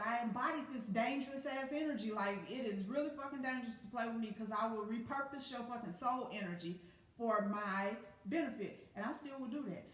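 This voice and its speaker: A woman with a slightly high voice gives a spiritual teacher's motivational talk, blunt and heavy on profanity. She speaks with loud emphasis and never softens her words. The recording is roomy and echoing, with her voice sitting some way back from the microphone. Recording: echoey room, distant from the mic.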